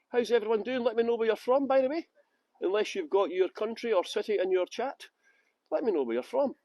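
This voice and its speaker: Man, from West Yorkshire, tour guide, live-streamed walking tour, chatty and joking, greets viewers by name, high voice, dry sound. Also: big pitch swings, a little fast, warm tone, dry recording. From Halifax, West Yorkshire, England. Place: outdoors on city streets.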